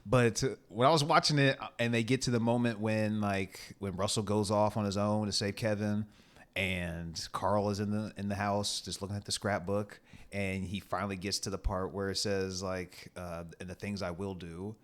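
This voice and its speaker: A man co-hosts a casual movie review chat with a lowish, bright, forward voice. He gets animated as he retells scenes and laughs often between lines. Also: moderate pace, clear, resonant tone. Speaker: podcast co-host.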